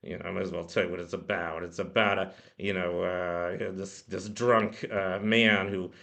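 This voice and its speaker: A man's voice: sits low, level tone, normal speed, gravelly, bright, forceful tone. A man hosting his own music feature in a casual, rambling way, full of fillers and restarts, speaking into a home computer microphone. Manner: rambling, many "you know" fillers. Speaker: music blog host. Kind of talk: casual spoken song commentary.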